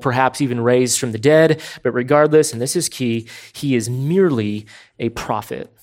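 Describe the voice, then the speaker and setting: A man preaching verse by verse, voice sitting at an ordinary middle pitch. He speaks with deliberate emphasis and slows down sharply on the words he wants his listeners to catch. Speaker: pastor. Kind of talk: expository sermon.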